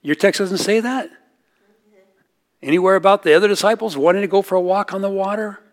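Delivering a sermon at a fairly quick pace, a middle-aged pastor tells stories with earnest feeling. He rises for quoted lines and drops low and soft at the key moments.

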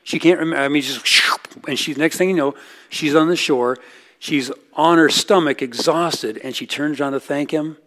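A middle-aged man preaching a sermon, telling stories earnestly, rising for quoted lines and dropping low and soft at key points. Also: normal speed. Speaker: pastor.

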